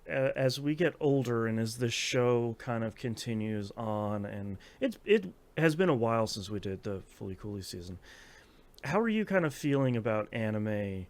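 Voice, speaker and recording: Rambling male podcast host. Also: mid-range voice. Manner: rambling, many fillers and restarts. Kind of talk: casual chat.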